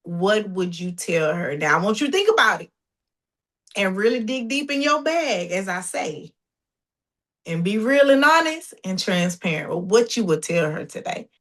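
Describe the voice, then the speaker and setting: A woman hosting a faith talk show who asks questions in a deliberate way. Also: mid-range voice, sing-song, fairly bright tone. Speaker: podcast host.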